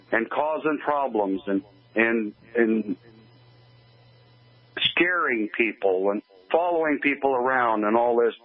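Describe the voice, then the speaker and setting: An older man from Oregon, a guest in an interview, giving an earnest, halting personal account with many restarts. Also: mid-range voice. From Oregon, USA. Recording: tinny phone-line call.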